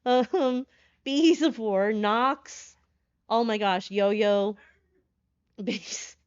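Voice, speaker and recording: A woman streaming live and chatting with her viewers in a fairly high, excitable voice, quick to laugh and quick to swear when something startles her. The sound is slightly dull and lo-fi, and very dry and close. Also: smooth, no echo. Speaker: horror variety streamer. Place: hotel room.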